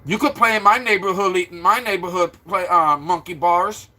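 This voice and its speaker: This man from Florida, USA is stressed and rambles casually to his livestream audience at a moderate pace. His tone is bright and forceful, though he sometimes becomes low and subdued.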